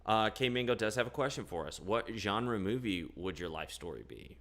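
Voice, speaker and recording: Deep-voiced laid-back Midwestern podcast host. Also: male voice, expressive, normal speed, fairly bright tone. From American Midwest. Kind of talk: casual live podcast banter.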